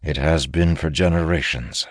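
A man's voice: rumbling low, fairly even intonation, normal speed, no echo, studio quality. A man reading an audiobook, voicing a careworn male lord who speaks diplomatically and somberly. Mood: earnest.

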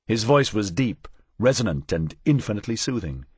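Husky male narrator, lively pitch, dry close sound. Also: normal speed, hardly any pauses, dry recording. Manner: wry, expressive first-person telling. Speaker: audiobook narrator. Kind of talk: scripted narration.

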